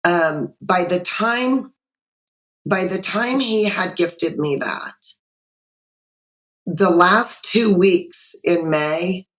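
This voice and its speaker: A woman guest on a podcast, chatting over a video call and telling her story in a lively way with frequent restarts. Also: on the low side, drawn-out words, long pauses, low-quality recording. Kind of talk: personal story told in conversation.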